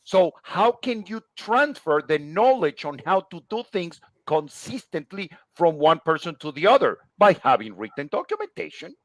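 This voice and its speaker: A man's voice: fairly high pitch, very animated, moderate pace, hardly any pauses, no room sound. A man who is a guest in a casual chat, explaining his points with rhetorical questions and answering them himself.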